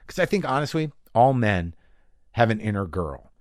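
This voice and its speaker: Profane, animated male stand-up comic. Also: lowish voice, moderate pace, no room sound, studio quality. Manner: animated, swearing, acts out voices in bits. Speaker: stand-up comedian. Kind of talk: stand-up comedy routine.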